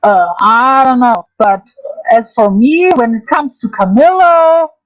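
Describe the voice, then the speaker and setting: Slow, halting woman on a livestream. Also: fairly high pitch, dry recording, lo-fi sound. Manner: halting, hesitant, many restarts. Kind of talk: casual livestream commentary.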